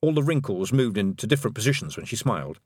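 A man narrating a storybook in an animated reading voice. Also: lowish voice, fast, husky, no echo, clean studio sound. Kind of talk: audiobook narration.

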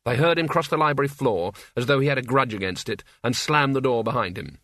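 A man reads a story aloud in an even, measured voice of middle pitch. His delivery is steady and controlled. The recording is dry and close. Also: no room sound. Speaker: audiobook narrator. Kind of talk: scripted narration.

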